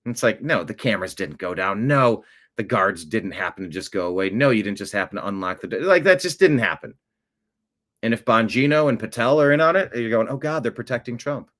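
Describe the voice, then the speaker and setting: A talk show host delivers rambling, opinionated political commentary in a lowish, expressive voice, speaking fairly quickly. His delivery swings between mutters and loud outbursts.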